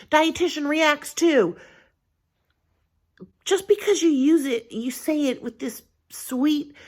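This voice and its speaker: A woman vlogger talking casually to her viewers, earnest and rambling, thinking aloud with frequent restarts and filler phrases. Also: on the high side. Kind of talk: casual talk to camera.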